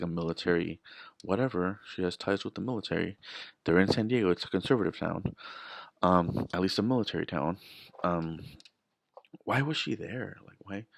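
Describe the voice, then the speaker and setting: Low gravelly man rambling on camera. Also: dry recording. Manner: rambling, restarts, emphatic rhetorical questions. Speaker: vlogger. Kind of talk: casual storytelling monologue.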